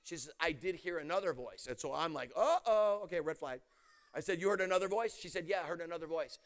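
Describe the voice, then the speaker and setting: A middle-aged man preaching a sermon, telling stories with animated swings from loud exclamations to hushed intensity. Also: fairly high pitch, fast. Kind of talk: sermon storytelling.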